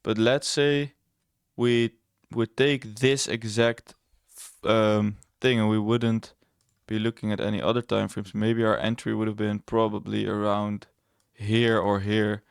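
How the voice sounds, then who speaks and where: A man's voice: lowish voice, flat delivery, a little slow, vocal fry, clear, resonant tone, no echo, studio quality. A young man casually walking through his trades on screen, rambling and correcting himself, blunt and a bit sarcastic. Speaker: trading educator. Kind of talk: casual screen-share trading walkthrough.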